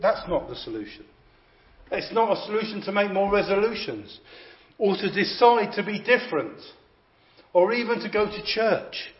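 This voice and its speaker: A man's voice: high-pitched, lively intonation, normal speed. A man preaching a sermon, emphatic and repeating phrases for effect. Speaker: visiting preacher. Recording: echoey, slightly dull hall recording.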